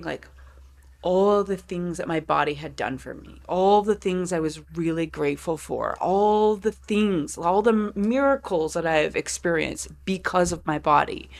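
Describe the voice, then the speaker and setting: A woman in her thirties, co-hosting a podcast in casual chat, candid and profane, with many "like" fillers. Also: on the low side. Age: 30s. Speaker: podcast co-host.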